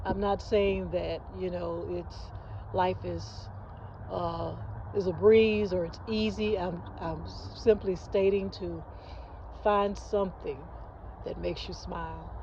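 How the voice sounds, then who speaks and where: A woman's voice: lowish voice, steady tone, takes it slowly, mellow, muffled recording, slight background noise. Earnest woman in her fifties, rambling vlog. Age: 50s. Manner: earnest, rambling with many restarts. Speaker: channel host. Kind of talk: heartfelt vlog monologue. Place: at home early in the morning. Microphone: phone, face not shown.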